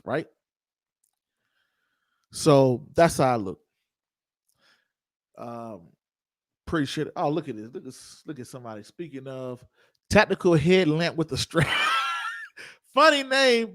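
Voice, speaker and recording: On a dry recording, a man with a medium-pitched, slightly mellow voice hosts an investing livestream. He talks loosely, jokes with his viewers, and keeps repeating his points in casual livestream fashion.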